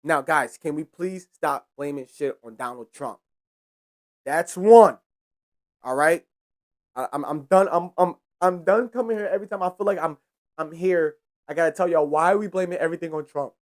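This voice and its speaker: A man's voice: on the high side, moderate pace. A young man hosting a podcast, ranting in a heated, profane way and repeating himself for emphasis. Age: young adult. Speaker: podcast host. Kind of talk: casual ranting monologue.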